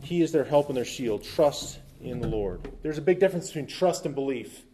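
A man's voice: medium pitch, lively intonation, fairly quick, mellow, slight background noise. A man preaching a sermon as pastor, talking conversationally with asides and quips, and reading scripture aloud with emphasis.

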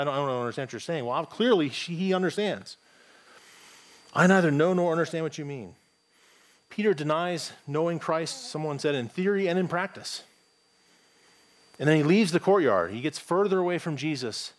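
American guy pastor giving a sunday sermon, chatty, lots of restarts. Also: a little high. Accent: General American. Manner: conversational, thinking aloud with restarts.

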